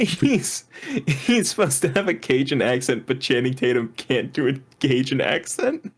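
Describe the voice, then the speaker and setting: A man's voice: medium pitch, lively intonation, a little slow, breathy edge. A man co-hosting a podcast, explaining film trivia in a casual, giggly way. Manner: giggly, explains movie trivia with frequent laughs. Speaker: podcast co-host. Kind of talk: casual movie chat.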